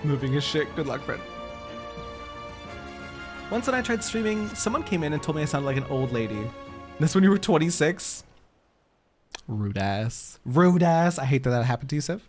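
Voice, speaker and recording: Animated laughing male streamer. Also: a little high, fairly quick, pauses often, over music. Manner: animated, laughs often, swears casually. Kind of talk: casual live-stream chat.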